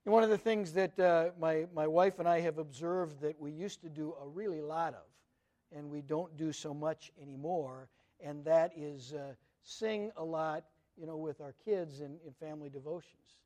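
A man's voice: on the high side, normal speed, darkish tone. A middle-aged man, a pastor, giving an earnest, conversational sermon that mixes personal stories with teaching.

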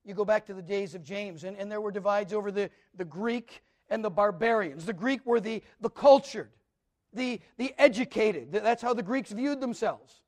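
Male pastor, very high voice, emphatic sermon delivery. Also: moderate pace. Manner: emphatic, repetitive preaching cadence, swinging from loud to quiet. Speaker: preacher.

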